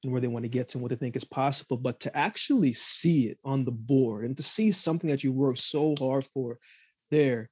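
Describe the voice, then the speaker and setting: A man's voice: medium pitch, brisk, slightly rough, dry recording. A man hosting a casual interview, adding emphatic, motivational remarks. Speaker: podcast host.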